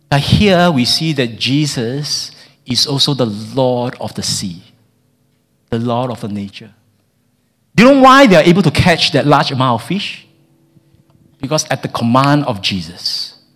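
A man preaching a sermon in a lively way. He often stammers and repeats words, and he acts out the people in the story. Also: mid-range voice.

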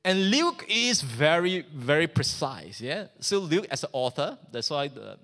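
A man's voice: fairly high pitch, sing-song, a little slow, fairly bright tone. A man preaching a sermon in a casual, joking way, often asking the congregation questions.

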